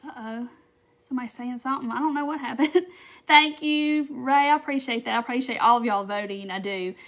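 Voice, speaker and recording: Bubbly and loose, a chatty woman addresses her audience on a relaxed crafting stream, her pitch sitting a bit high with a fairly bright tone. She fills her talk with "um"s and quick quoted asides.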